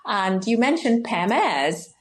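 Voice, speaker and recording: A woman's voice: medium pitch, sing-song, slow, slight background noise. Malaysian-accented woman co-host, chatty and laughing, mid-range voice. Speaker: podcast co-host. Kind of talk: casual chat.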